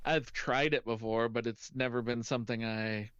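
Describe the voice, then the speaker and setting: A man's voice: medium pitch, fairly even intonation, moderate pace, a bit bright, smooth, no room sound. Hesitant man on a dull, dry mic. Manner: hesitant, heavy use of "like". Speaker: podcast guest. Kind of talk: casual chat.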